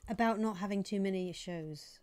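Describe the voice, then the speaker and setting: A woman's voice: medium pitch, normal speed, darkish tone. Dry, teasing woman co-host. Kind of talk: casual live-stream chat.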